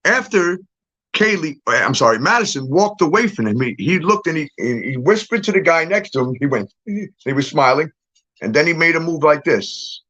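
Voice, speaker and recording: A man's voice: on the high side, expressive, normal speed, pushed and bright, dull audio. A middle-aged man talking casually to his followers, emphatic and insistent, often checking in with the listener and getting up to act things out. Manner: emphatic, repeats "okay?" and "all right?" to the viewer; moves around, gets up to act things out. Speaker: social media commentator.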